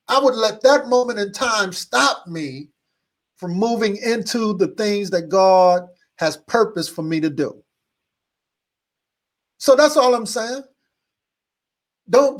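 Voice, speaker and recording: Middle-aged male pastor, high voice, repetitive call-and-response sermon that builds up. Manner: call-and-response preaching, repeats phrases, builds in excitement. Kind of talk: motivational livestream sermon.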